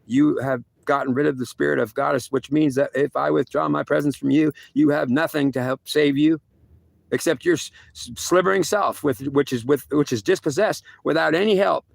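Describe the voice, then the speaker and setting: A man's voice: on the high side, fairly even intonation, normal speed, creaky, dry recording. A man voicing a stern male God who scolds a soldier at length, repeating himself and stumbling over restarts. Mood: scolding. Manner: repetitive, lecturing, stumbling restarts.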